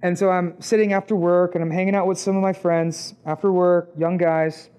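A man, perhaps in his twenties, preaching a sermon with a personal testimony, talking conversationally and rising to loud, emphatic peaks. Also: high-pitched, little pitch movement, normal speed, clean tone. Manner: conversational, acts out quoted voices, rises to loud emphatic peaks.

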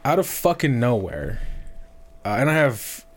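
A man's voice: mid-range voice, big pitch swings, a little slow. A man in his thirties, a podcast co-host, telling a story in casual chat, swearing and restarting often.

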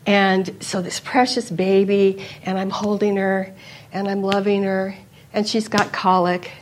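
A woman's voice: medium pitch, flat delivery, measured pace. A middle-aged woman giving a personal faith testimony to an audience, storytelling with repeated phrases for emphasis. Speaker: speaker at a Christian retreat.

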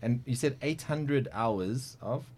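A man's voice: medium pitch, slow pace, darkish tone, slight background noise. A man hosting a podcast interview, chatty and joking, often correcting himself. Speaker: podcast host. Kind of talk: casual interview chat.

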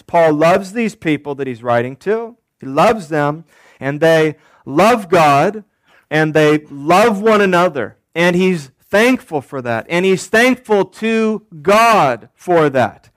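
Male pastor mid-sermon, unhurried, fond of repetition and rhetorical questions, close and dry. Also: a little high, lively intonation, no echo. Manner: deliberate, repeats key phrases, asks rhetorical questions.

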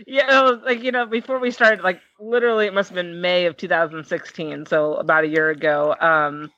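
A woman guest, a fight matchmaker, chatting in a casual interview, excitable and quick to laugh. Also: fairly low pitch, no echo, highs cut off. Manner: excitable, laughs often, self-described nervous reactor. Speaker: MMA matchmaker and commentator, guest.

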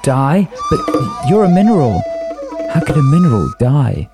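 A man's voice: mid-range voice, normal speed, gravelly, over music, pitched above the performer's own voice, natural voice. A man voicing a young woman doctor who speaks in an urgent, questioning way. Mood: worried. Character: anxious young woman doctor, lost in the dark.

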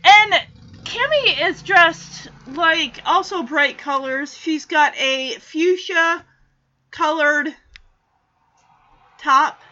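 Woman gushing thru a tv recap, high voice, takes her time, kinda dull lo-fi sound. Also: extremely slow, pauses often, sharp tone. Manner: chatty, giggly, acts out character lines. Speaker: TV show recapper. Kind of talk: casual recap chat.

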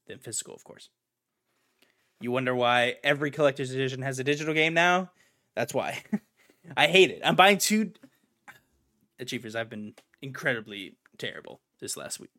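Young guy hosting a podcast, bright voice, rants and repeats himself a lot. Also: mid-range voice. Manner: ranting, emphatic, repeats himself. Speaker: podcast host. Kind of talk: casual podcast chat.

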